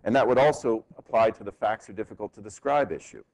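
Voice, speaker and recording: A man's voice: fairly low pitch, fast talker, gravelly. A man teaching a law class in a university lecture hall. He speaks conversationally and keeps asking the class "right?" as he goes. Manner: conversational, frequent tag "right?", animated rhetorical questions. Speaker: law professor.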